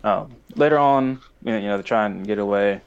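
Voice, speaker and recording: Young male co-host, low-pitched, rambling and animated. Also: brisk, gravelly, clear, resonant tone, highs cut off. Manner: rambling, animated, acts out quoted lines. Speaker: podcast co-host. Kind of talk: casual chat recapping a cartoon.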